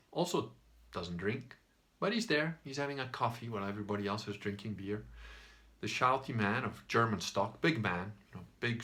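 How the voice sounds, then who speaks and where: A man's voice: lowish voice, fairly bright tone. Brief: male video host, casual storyteller, blunt and profane. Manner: storytelling, swearing, acts out the people in his story. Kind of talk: casual monologue.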